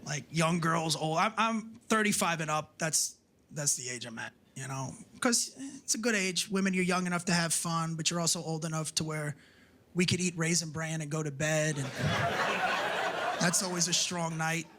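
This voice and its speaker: A man's voice: a little high, normal speed, sharp tone, slight background noise. A man doing a stand-up comedy set, telling profane stories and acting out the dialogue himself. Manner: profane, storytelling, acts out dialogue. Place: comedy club stage.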